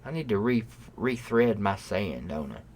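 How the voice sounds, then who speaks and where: A man hosting a livestream, rambling and cursing with bursts of loud mock outrage at his live chat. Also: lowish voice, very animated, normal speed, slight background noise. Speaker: livestream host. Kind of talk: casual profane rant to live chat. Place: room at home.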